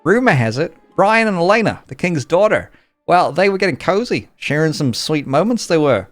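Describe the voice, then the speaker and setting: A man's voice: a little high, very animated, moderate pace, no echo, soft background music, pitched above the performer's own voice. A man putting on a gossipy Aussie innkeeper. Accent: mock Australian. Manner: loud, gossipy, folksy slang. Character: boastful gossiping male tavern keeper.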